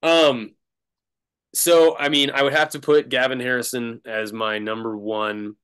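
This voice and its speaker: A man's voice: mid-range voice, flat delivery, unhurried, fairly bright tone, clear, resonant tone. A man, a drummer as guest, telling a rambling story in casual chat, laughing and restarting often.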